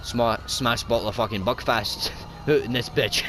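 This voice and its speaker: A man's voice: medium pitch, normal speed, music in the background. A young Scottish man with a Scottish accent, giving sweary, rowdy commentary over his gameplay. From Scotland. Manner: sweary, rowdy, shouts at the game. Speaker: gaming YouTuber.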